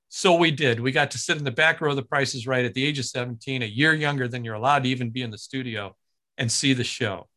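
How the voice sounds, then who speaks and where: A man from Ohio, a guest who works as a voice announcer, telling a story with lively energy and acting out other people's lines. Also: mid-range voice, quick pace. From Ohio, USA. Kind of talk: animated storytelling in casual chat.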